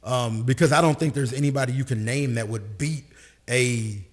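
Casting: man, husky, sports radio co-host, animated slangy banter. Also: mid-range voice. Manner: animated, slangy, quick to joke.

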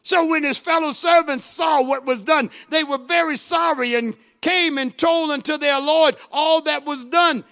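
A man's voice: very high-pitched, unhurried, hardly any pauses, pushed and bright. A man preaching a sermon with passion, acting out pleading lines from the scripture. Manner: impassioned, acts out the servant's pleading.

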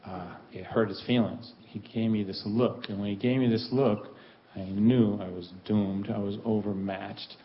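A man, telling a stand-up story in an animated way that builds to high, excited peaks. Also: moderate pace. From Boston. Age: 40s. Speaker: stand-up comedian. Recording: dull lo-fi recording.

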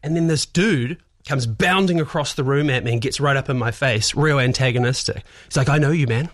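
A man, a guest in a radio studio, telling stories in an animated way, acting out what people said. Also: mid-range voice, fairly quick. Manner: animated storyteller, acts out quotes, laughs often. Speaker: actor and writer guest. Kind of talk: casual chat.

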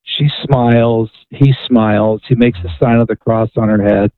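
A man's voice: fairly low pitch, steady tone, normal speed, no echo. A man, a guest author, telling a story on a radio interview, often repeating and restarting words. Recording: tinny phone line.

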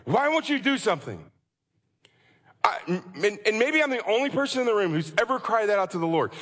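A man's voice: high-pitched, big pitch swings, fairly quick, a bit bright, in a large hall. A man preaching a sermon with passion, pressing his listeners with rhetorical questions. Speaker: pastor.

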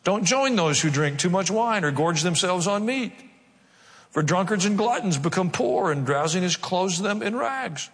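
Male pastor, sermon, wry humor, higher-pitched voice, long hall echo. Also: lively intonation, moderate pace, a bit bright, breathy edge. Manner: preaching with wry jokes and dramatic emphasis.

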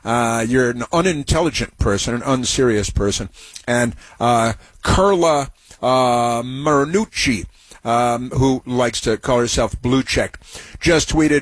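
A man hosting a talk radio show, delivering a mocking, sarcastic monologue full of halting fillers. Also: mid-range voice, dry recording.

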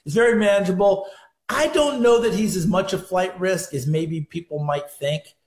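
Male football analyst, slightly higher voice, emphatic storyteller, roomy echoey line. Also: moderate pace. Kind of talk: sports radio interview.

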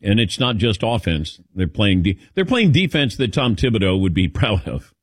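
A man with a lowish voice talks at a moderate pace, clean studio sound and no room sound. He hosts a sports talk radio show, casually taking calls, lively and rambling with lots of fillers.

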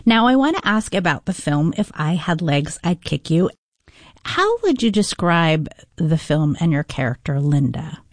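A woman with a slightly low voice interviews a guest, setting out each question with measured framing. The sound is close and dry. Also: very animated, no echo.

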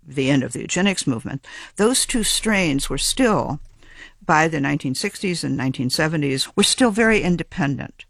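In an interview, a male geneticist explains his research in measured, precise academic language, occasionally restarting a phrase. His voice is on the high side, gravelly and fairly bright, captured in a dry recording.

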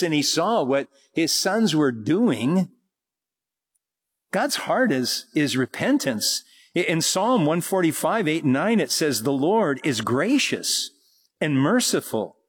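A man teaching verse by verse through scripture, reading passages slowly and then explaining them, his voice rising when he presses a point. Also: slightly rough. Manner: rises in pitch and force when pressing a point. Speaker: Bible teacher.

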